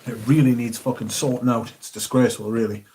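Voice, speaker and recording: A man's voice: mid-range voice, fairly even intonation, a little fast, a little mellow, a little hiss or hum. A man hosting a casual livestream from his room at home, talking to viewers while he tidies, sweary and theatrical. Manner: sweary, theatrical, grumbling to himself. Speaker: livestream host. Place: room at home, moving about while tidying.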